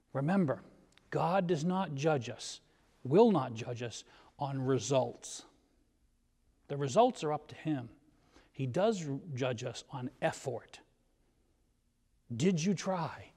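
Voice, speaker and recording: Brief: male preacher, high voice, relaxed and joking, asks the congregation questions. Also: slow, long pauses. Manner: conversational, self-deprecating humor, rhetorical questions. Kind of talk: sermon. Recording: long hall reverb.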